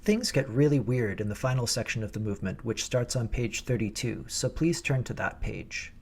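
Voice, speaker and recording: A man's voice: mid-range voice, expressive, moderate pace, slight background noise. A man coaching choir singers in a recorded rehearsal lesson, explaining diction precisely and patiently.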